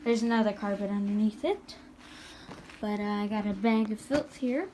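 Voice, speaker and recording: A woman's voice: mid-range voice, moderate pace, mellow, a little hiss or hum. A woman giving a casual home product review, chatty and rambling with lots of fillers, speaking indoors at home.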